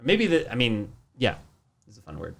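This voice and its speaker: A man's voice: mid-range voice, moderate pace, creaky. A man hosting a casual podcast from his basement, playfully quizzing his guest. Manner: playful quizzing, lively up-and-down delivery. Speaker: podcast host. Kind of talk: casual chat. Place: home basement.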